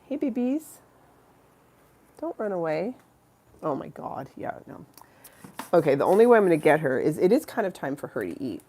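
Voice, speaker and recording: Low gravelly woman chatting on a livestream. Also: very animated, fast talker, dark tone. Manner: chatty, rambling, affectionate, many fillers and restarts. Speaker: livestream host. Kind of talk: casual livestream chat with viewers.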